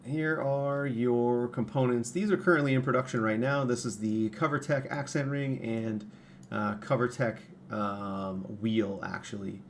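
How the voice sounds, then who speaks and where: A man's voice: medium pitch, steady tone, measured pace, slight background noise. A man hosting his own livestream, talking casually and rambling with many fillers and restarts at his computer. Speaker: livestream host and parts maker.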